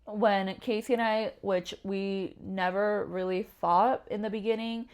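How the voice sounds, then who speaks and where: A woman's voice: medium pitch, unhurried, clean tone. A young woman as an interview guest, candidly telling personal stories and acting out the voices of people in them. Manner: animated, acts out voices in her stories.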